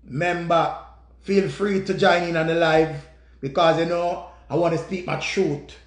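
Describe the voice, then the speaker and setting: A man's voice: a little high, steady tone, a little slow. A man with a Jamaican accent, hosting a live stream and ranting emotionally, repeating himself in heated bursts. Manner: heated, repetitive, shouting outbursts. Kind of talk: emotional storytelling rant. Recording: echoey room.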